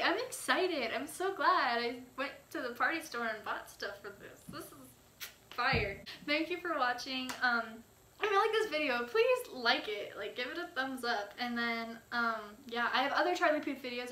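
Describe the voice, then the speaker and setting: Woman vlogger, bright lively voice, excitable and gushing, echoey room. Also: sits high, a little hiss or hum. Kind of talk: music reaction vlog.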